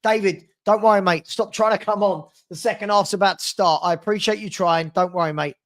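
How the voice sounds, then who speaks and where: A man's voice: high-pitched, fairly even intonation, fairly quick. A man hosting a live match watchalong, calling the play in a casual way and chatting with viewers about their comments. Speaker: watchalong host.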